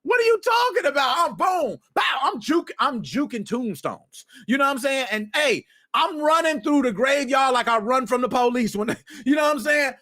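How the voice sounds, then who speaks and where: High-voiced guy streaming, super animated, yells a lot, bright sharp tone. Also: normal speed, hardly any pauses. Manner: animated, excitable, shouts often, slangy. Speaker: streamer, podcast host. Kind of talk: casual livestream chat.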